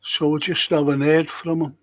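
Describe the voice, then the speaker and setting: A man's voice: on the high side, little pitch movement, moderate pace, poor audio. A man hosting a casual live stream, chatty and rambling as he reads out viewer comments.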